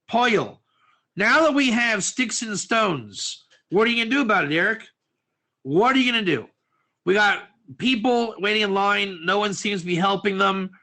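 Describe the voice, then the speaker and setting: A man teaching a lively class, acting out little scenes and asking his listeners questions. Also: high-pitched, gravelly. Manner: animated, acts out quotes, asks audience questions. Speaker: Torah teacher.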